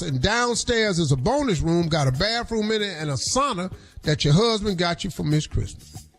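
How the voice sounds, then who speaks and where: A man hosting a radio show, riffing in a loud, animated, jokey storytelling way. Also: sits high. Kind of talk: comedic radio talk.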